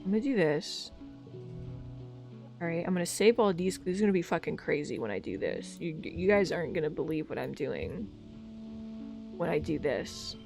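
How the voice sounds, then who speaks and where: A woman's voice: low voice, animated, normal speed, gravelly, pauses often, music in the background. A woman streaming a video game, chatting casually, swearing often and reading the game's text aloud. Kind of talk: casual live-stream chat while playing.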